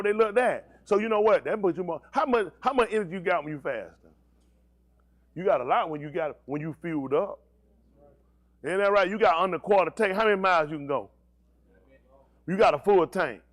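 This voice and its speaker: A man's voice: sits high, a little fast. A male pastor preaching a sermon, asking the congregation questions and teasing them in slang. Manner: animated preaching with call-and-response questions and slang.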